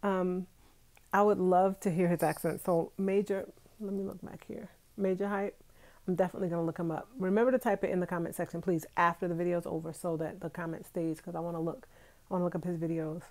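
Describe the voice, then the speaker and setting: Allergies have her nose itching, but this thirtysomething woman keeps her bedroom live stream chatty, addressing viewers directly and laughing a lot. She talks fast, her lowish, slightly mellow voice staying steady in tone.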